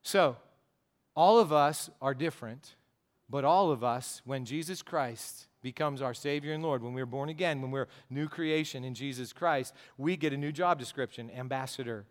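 A pastor delivering an earnest sermon, repeating phrases and asking the congregation rhetorical questions. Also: male voice, medium pitch, moderate pace.

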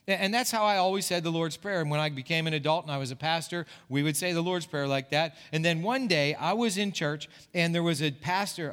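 A man's voice: on the high side, a bit bright. A man preaching a sermon as a pastor, in an earnest way that repeats words as he builds a point. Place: church sanctuary. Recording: church hall reverb.

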